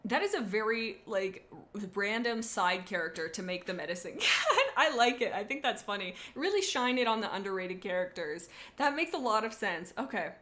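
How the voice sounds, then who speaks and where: A young woman streaming live, casually reading fan fiction aloud with excitable, giggly, rambling tangents. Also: fairly high pitch.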